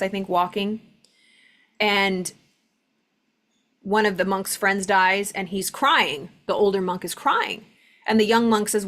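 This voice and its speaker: In a mid-range, fairly bright voice, a woman leads a relaxed spiritual lesson. She talks loosely, leans heavily on "like" as a filler, and reads passages aloud as a spiritual teacher.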